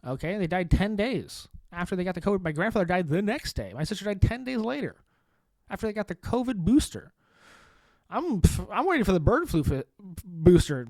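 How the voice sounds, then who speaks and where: A man hosting a solo comedy podcast, rambling in a deadpan, sarcastic way with swearing and restarts. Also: sits high, a little fast, no echo. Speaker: podcast host.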